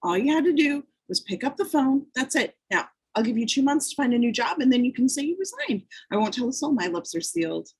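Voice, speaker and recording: A woman reading the part of a cold, cutting female publishing chief in a play reading, speaking with clipped, icy calm. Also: sits high, a little fast, few pauses, slightly rough, full character voice, poor audio. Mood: stern. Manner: clipped, icily calm authority.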